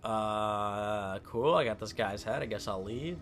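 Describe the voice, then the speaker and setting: A man's voice: on the low side, unhurried, fairly bright tone, a little hiss or hum. A man doing casual gameplay commentary at home, rambling with many fillers and swearing freely as he tells a story. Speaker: gaming commentator.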